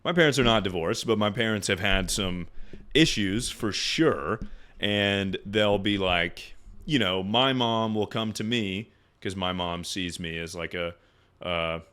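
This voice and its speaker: Young male streamer, slightly low voice, loose and profane, laughs through his advice. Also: a little slow, bright, forceful tone, clear, resonant tone. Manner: rambling, profane, laughs often. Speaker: streamer giving advice to chat. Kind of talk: casual livestream chat.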